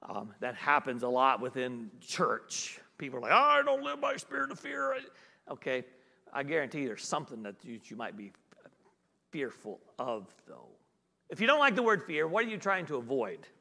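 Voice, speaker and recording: A man's voice: mid-range voice, expressive, normal speed, sharp tone, in a large hall. A man preaching as a guest pastor. He repeats key phrases for emphasis and asks the congregation questions in a conversational way. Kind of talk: sermon.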